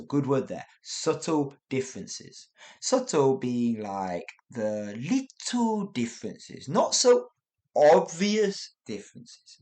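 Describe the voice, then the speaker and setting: A man giving a casual spoken English lesson, chatty and often correcting himself as he explains. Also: medium pitch. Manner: chatty, self-correcting, lively intonation. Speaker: English teacher.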